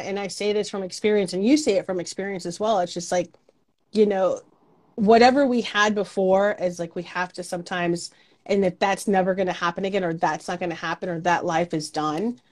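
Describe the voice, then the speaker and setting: A woman hosts a podcast in a loose, frank conversation. She swears freely, restarts her sentences and acts out her own inner doubts. Her voice sits at a middling pitch. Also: darkish tone. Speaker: podcast host.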